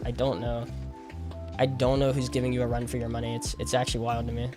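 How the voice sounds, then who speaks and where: Speaking fast in a monotone, mid-range voice, a young man streams a game with music in the background. He bickers casually with chat, sounds incredulous, says things over and over, and uses lots of slang and "like."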